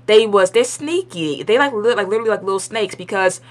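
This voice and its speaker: This young woman talks fairly quickly in a mid-range voice while giving a spoken episode review from home. Her take is blunt and opinionated, and she rambles, restarts often, says "like" a lot, and uses colloquial grammar.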